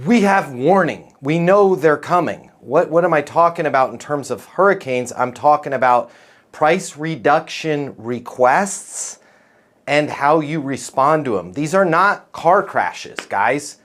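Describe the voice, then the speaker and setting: A man coaching a group of salespeople in a live training session, talking in a folksy, animated way. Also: fairly high pitch, measured pace. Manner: acts out quotes in different voices.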